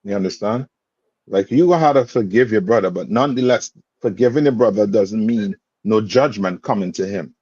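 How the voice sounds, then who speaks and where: A man's voice: on the low side, fairly quick, mellow, slightly rough, dry recording. A man teaching a scripture class in plain street talk, quizzing his student with repeated "you understand?" checks. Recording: dull lo-fi sound.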